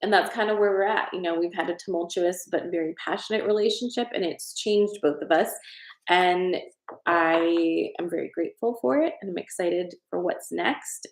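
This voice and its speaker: Woman host, casual heartfelt live-stream chat from home, roomy sound. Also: medium pitch. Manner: casual, chatty, reads viewer comments, gets emotional. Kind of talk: live-stream spiritual card reading chat. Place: at home, in a room of her house.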